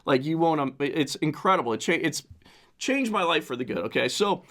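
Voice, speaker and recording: A man of fifty hosts a casual solo podcast, his voice hoarse and cracking from the flu. He rambles with many restarts, speaking fairly high with a lively, swooping pitch. He talks into a desk mic at home. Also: a little fast. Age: 50s. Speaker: podcast host.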